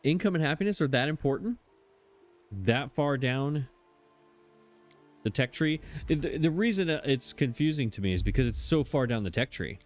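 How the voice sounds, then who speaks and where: A man's voice: medium pitch, animated, normal speed, faint music behind. A man hosting a let's play, thinking aloud in a chatty, puzzled way and poking fun at his own mistakes. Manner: self-mocking, chatty. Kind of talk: casual gameplay commentary.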